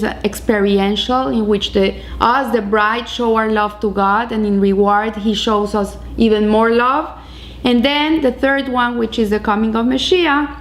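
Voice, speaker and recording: A woman teaching the weekly Torah portion, telling a story earnestly with emphatic rises in her voice. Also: on the high side.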